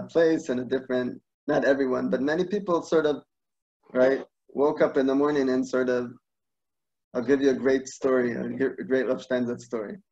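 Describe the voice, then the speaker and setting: Man teaching over a video call. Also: mid-range voice. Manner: animated, laughs at his own stories, searches for words. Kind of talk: storytelling online class. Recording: dull lo-fi video call audio.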